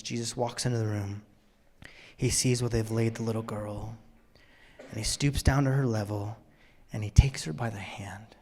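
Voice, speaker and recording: A male pastor preaching a sermon, swinging from loud emphatic lines to hushed, almost whispered ones. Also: mid-range voice, big-room sound.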